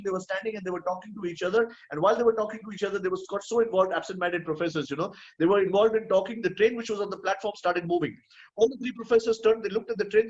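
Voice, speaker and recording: A man with a high-sitting voice gives a motivational talk at an online event, heard in lo-fi sound. He speaks emphatically, repeats key phrases, and keeps checking in with "hmm?".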